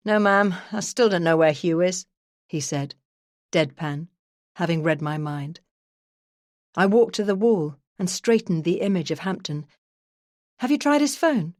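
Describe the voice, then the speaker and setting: A woman with a lowish voice reads a first-person true crime audiobook in the voice of a detective. Her delivery is measured and even, close to the mic in a dry studio with no room sound. It is steady, unhurried storytelling. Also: dry recording. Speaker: audiobook narrator.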